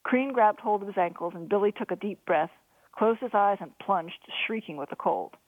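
Female author-narrator, steady storytelling, thin phone-like dry sound. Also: mid-range voice, moderate pace, no room sound. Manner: steady storytelling, lively voices for dialogue. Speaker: author reading her own novel. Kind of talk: audiobook narration.

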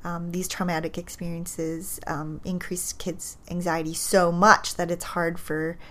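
Low-voiced woman, child psychologist type, measured explainer with fillers. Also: little pitch movement, fairly bright tone. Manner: thoughtful, measured, with fillers and restarts. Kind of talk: explaining research in an interview.

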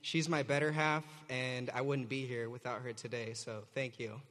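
This is a young man, a student teacher at his graduation, speaking into a podium microphone in a large hall with a medium pitch, level tone, and moderate pace. His commencement speech is playful but sincere and warm, and he leads the audience in a cheer. The recording sounds like a reverberant auditorium, with slight background noise.

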